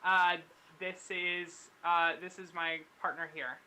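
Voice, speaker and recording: A man at a tabletop game, making up his character's answers as he goes with small hesitations. His voice sits high and very bright, with a faint hiss in the background. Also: level tone, slow, poor audio. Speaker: player.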